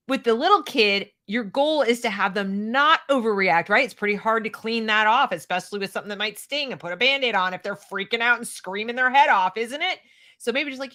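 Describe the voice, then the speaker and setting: A woman's voice: fairly high pitch, lively intonation, brisk, sharp tone. An American woman giving opinionated commentary, sarcastic and mocking the clips she reacts to. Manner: sarcastic, mocks quoted clips.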